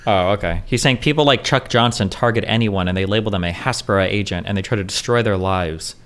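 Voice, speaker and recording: A man's voice: on the low side, fast, a bit bright, clean tone. A man hosting a livestream, talking bluntly and casually with profanity. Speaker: streamer.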